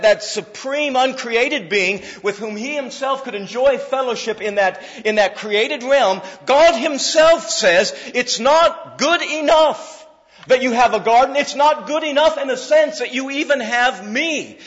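A man with a high voice gives an earnest expository sermon, circling back over his points and restarting sentences as he goes. The recording is dull and muffled, with a long hall reverb trailing behind him. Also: a bit bright. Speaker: pastor.

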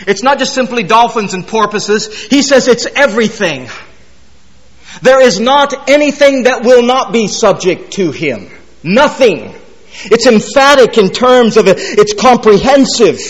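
A man preaching an expository sermon, emphatic, repeating key phrases and dropping low and quiet to stress a point. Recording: long reverb of a large hall.

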